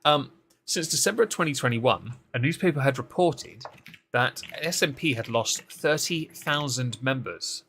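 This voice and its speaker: A man chatting through the week's political news on a live stream, heavy on sarcasm and dry mockery. His voice is bright and forceful, right up on a desk microphone. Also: medium pitch, expressive, moderate pace, slight background noise. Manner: sarcastic, mocking asides. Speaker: co-host of a political recap show.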